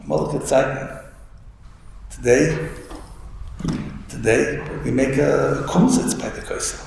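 Man teaching a Torah class, gravelly voice, very roomy hall, faint hum behind. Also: mid-range voice, steady tone, takes it slowly, pauses often, darkish tone. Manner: storytelling, with many restarts and Hebrew and Yiddish terms. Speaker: rabbi giving a Torah talk. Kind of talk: Yiddish-inflected Torah lecture. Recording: echoey hall with faint room noise.

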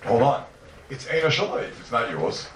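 A man teaching a yeshiva-style Talmud class to students, animated and firing rhetorical questions at them. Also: medium pitch, moderate pace. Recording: roomy, distant mic, noisy ambience.

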